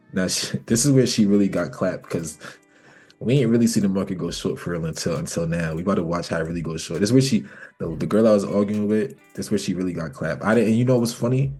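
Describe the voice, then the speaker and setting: A man's voice: low voice, fast, warm tone, slightly rough, soft background music. A young man teaching a casual live trading class as a mentor, talking in a slangy, rambling way. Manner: slangy, rambling, talks back and forth with himself.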